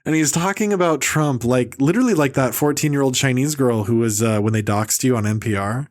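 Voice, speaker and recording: Podcast host guy, ranting, does mocking little impressions, swears a lot, average pitch. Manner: animated, mocking impressions, swears, quick laughs. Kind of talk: casual podcast chat.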